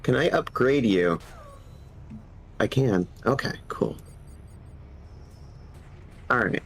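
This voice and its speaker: A man with a husky voice from a cold, chatting casually and eagerly explaining game lore while streaming. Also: medium pitch, animated, slow, a little hiss or hum, poor audio. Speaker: gaming streamer. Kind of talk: casual gaming stream chat.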